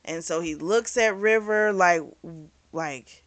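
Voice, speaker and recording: Hosting a book club channel, a woman slowly recaps a novel's plot in a mid-range voice on a dry recording. She's chatty and retells scenes by quoting lines of dialogue.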